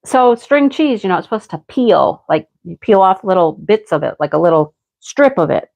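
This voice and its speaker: A woman's voice: mid-range voice, animated, moderate pace, creaky, darkish tone. A woman hosting a live craft stream, chatting casually and greeting viewers by name while she works. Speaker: craft livestream host.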